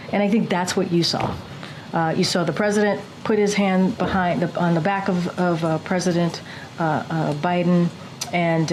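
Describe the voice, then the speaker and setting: A woman answering a question at a press briefing, halting with many fillers. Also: lowish voice, background noise. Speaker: press secretary.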